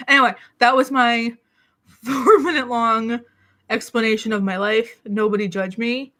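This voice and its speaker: A woman vlogging from a small city apartment, talking in a loose, rambling, self-mocking way. Her voice sits a touch high, and she is a little out of breath with the odd cough. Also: fairly even intonation, a little slow, sharp tone. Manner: rambling, self-deprecating, laughs often. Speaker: beauty YouTuber. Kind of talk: casual chatty vlog.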